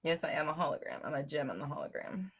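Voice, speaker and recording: Speaking quickly into a desk mic, this young woman has a deep, slightly rough voice and is very animated. She's running a live question-and-answer session at home, giggling as she reads out viewer comments, filling gaps with ums and dropping in a swear now and then.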